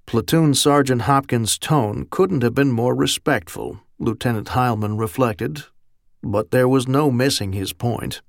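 A man narrating a military novel as an audiobook in a measured, steady way. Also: medium pitch, creaky, dry recording, clean studio sound. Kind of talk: scripted narration.

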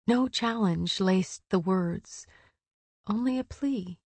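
A woman narrating a story aloud in a measured, steady reading voice. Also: mid-range voice, husky, no room sound. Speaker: audiobook narrator. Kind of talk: scripted narration.

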